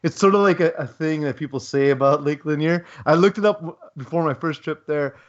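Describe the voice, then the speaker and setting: A man's voice: a little high, brisk. Guy co-hosting a podcast, rambly, lots of ums and uhs, kinda dull lo-fi sound. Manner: rambling, filler-heavy, wry asides. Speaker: podcast co-host. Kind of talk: casual chat.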